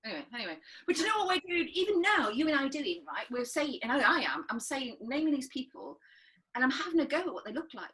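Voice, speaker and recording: A middle-aged woman co-hosting a casual podcast chat in a husky, bright voice. She talks fast and with lively swings in pitch, pressing her points with tag questions like "right?" and "isn't it?". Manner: emphatic, asks tag questions, animated. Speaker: podcast co-host.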